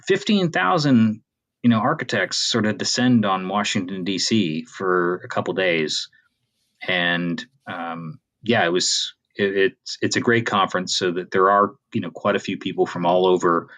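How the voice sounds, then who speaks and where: Man from canada, very low voice, rambling podcast chat, lots of fillers. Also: moderate pace, fairly bright tone. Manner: rambling, many fillers and restarts. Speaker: podcast co-host. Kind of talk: casual chat.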